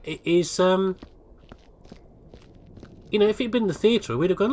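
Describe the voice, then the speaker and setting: An older English man hosting a gaming video speaks in a high, sing-song voice at a moderate pace, leaving long pauses. He rambles casually and self-deprecatingly, often restarting what he's saying. A little hiss or hum is audible.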